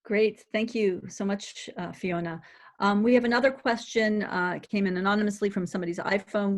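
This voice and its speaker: A woman's voice: medium pitch, steady tone, normal speed. A woman moderating a webinar, politely reading out audience questions and comments, a little hesitant. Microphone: video call.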